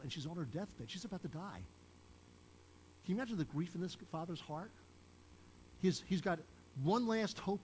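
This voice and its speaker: Older man preaching, fairly high voice. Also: a little hiss or hum, poor audio. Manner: conversational, asks the listeners questions; acts out quoted lines in a raised voice. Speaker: pastor. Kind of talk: sermon.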